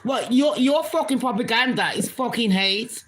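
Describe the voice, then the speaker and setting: A woman's voice: a little high, lively intonation, normal speed, slight background noise, poor audio. A British Jamaican woman vlogging an angry political rant, heated and profane, swearing constantly.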